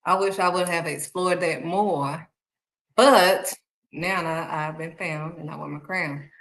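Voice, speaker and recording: A woman giving a casual, animated faith talk, speaking straight to her viewers. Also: lowish voice, measured pace, reverberant, poor audio. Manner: animated, acts out excited voices and exclamations; talks straight to viewers, calling them honey. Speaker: faith vlogger.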